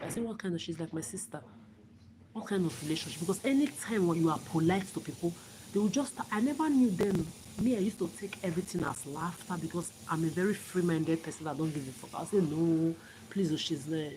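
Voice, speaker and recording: A woman's voice: lowish voice, mellow, slight background noise, poor audio. A woman ranting on a livestream, profane, repetitive and confrontational. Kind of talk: angry livestream rant.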